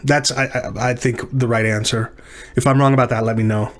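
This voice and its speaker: A man's voice: mid-range voice, steady tone, brisk. A man teaching a language lesson, working through practice words aloud, thinking as he goes and correcting himself. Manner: thinking aloud, self-correcting, sounding out syllables. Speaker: language instructor. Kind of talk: recorded lecture practice walkthrough.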